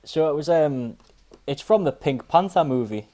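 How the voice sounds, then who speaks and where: A man's voice: fairly high pitch, animated, normal speed, dark tone. A man with a Geordie accent, a podcast guest telling a story in a laid-back way and laughing as he goes. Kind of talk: casual podcast chat.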